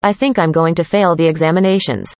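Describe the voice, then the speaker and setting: Woman, scripted practice dialogue, careful clear delivery, slightly low pitch, dry recording. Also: steady tone, brisk, a little mellow, dry recording. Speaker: dialogue reader.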